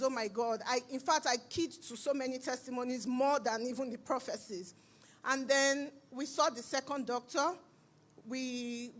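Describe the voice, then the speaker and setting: A woman from Edo, Nigeria, with a Nigerian accent, giving a church testimony in an animated, storytelling way and acting out the conversations she recalls. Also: a little high. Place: church service.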